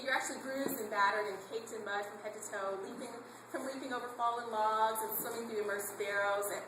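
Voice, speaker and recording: Heartfelt woman speaking in an echoey hall. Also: mid-range voice. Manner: heartfelt, conversational, addresses the audience directly. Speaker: parent speaking at a charity kickoff. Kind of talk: personal testimony speech. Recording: echoey hall, background noise.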